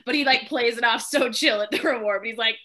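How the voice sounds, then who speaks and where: A woman's voice: fairly high pitch, fast talker, bright, forceful tone. A woman co-hosting a casual podcast chat, bubbly and laughing as she retells moments. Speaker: podcast co-host.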